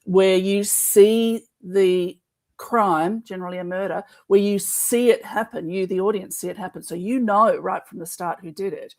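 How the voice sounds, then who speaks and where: A woman's voice: mid-range voice, moderate pace, a little mellow. A woman with an Australian accent, chatting as a guest co-host and wandering off into asides. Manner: rambling, digressive talk full of asides. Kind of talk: casual chat.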